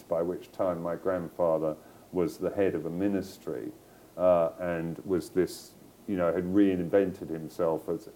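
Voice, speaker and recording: A man's voice: sits low, mellow, poor audio. A middle-aged male novelist in a book club conversation, telling stories in a discursive way, with digressions and restarts. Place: live event before an audience.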